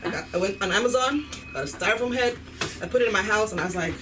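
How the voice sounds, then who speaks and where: A Nigerian woman in her fifties doing a stand-up comedy set in a club, animated and switching between voices. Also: mid-range voice, racing. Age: 50s. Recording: distant mic, noisy room. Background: audience laughter.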